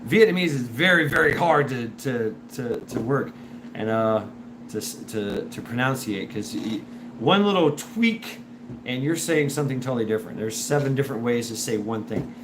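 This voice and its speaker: A man hosting a show in a casual, rambling monologue, full of restarts and repeated words, and animated when he imitates other people. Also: medium pitch, normal speed. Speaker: show host. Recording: noisy background.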